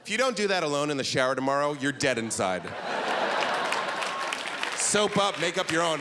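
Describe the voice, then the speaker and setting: Animated male stand-up comic. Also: fairly high pitch, normal speed, long pauses, a loud crowd, heavy background noise. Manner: animated, jumping into silly voices. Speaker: stand-up comedian. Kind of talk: stand-up comedy set. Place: comedy club stage. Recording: live club with audience laughter.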